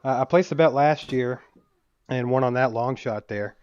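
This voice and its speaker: A man's voice: mid-range voice, normal speed, darkish tone, smooth, no room sound, muffled recording. A man co-hosting a sports podcast, easygoing in casual chat and laughing often. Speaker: podcast co-host.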